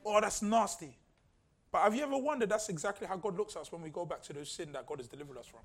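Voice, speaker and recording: A man's voice: sits high, rapid-fire, breathy edge. A male pastor preaching a sermon in a conversational, humorous way, repeating key lines for emphasis.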